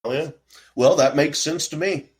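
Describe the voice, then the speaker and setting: A man hosting a podcast talks in an easygoing way and swears casually as he wraps up. His voice sits a little higher than most men's. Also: moderate pace. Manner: laid-back, swears freely. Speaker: podcast host. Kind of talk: casual chat.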